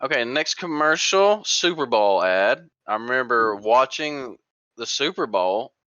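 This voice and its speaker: A man chats casually on a gaming podcast, wandering through his thoughts with plenty of ums and restarts. His voice comes across smooth and clean in a dry, close space. The recording itself sounds a little dull and muffled. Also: medium pitch, lively intonation, a little slow, sharp tone, no echo. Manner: rambling, trails off and restarts with fillers. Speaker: podcast co-host.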